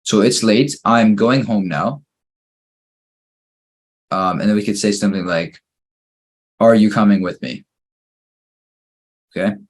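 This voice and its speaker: A man leads an English grammar class, working through the sentences one by one. His voice sits low and sounds a little husky. He keeps a calm, patient teaching manner. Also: a little slow, long pauses. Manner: patient, steady drilling through exercises, praising each answer. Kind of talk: online grammar lesson.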